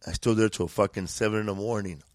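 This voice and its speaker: Slangy, profane LA comedian. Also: male voice, on the low side, steady tone, fast, no room sound. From East Los Angeles. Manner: profane, laid-back, drawling street slang. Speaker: guest comedian. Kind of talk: casual storytelling.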